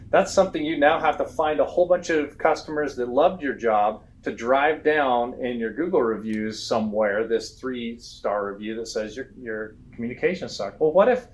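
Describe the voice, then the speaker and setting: Animated man telling customer stories. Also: mid-range voice. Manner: animated storytelling, acts out customer voices. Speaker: guest, roofing software expert. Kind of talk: conversational business interview.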